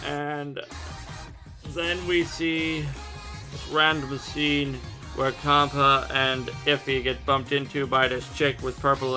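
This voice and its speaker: A man giving a casual, irreverent episode recap of an anime, joking and swearing freely. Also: mid-range voice.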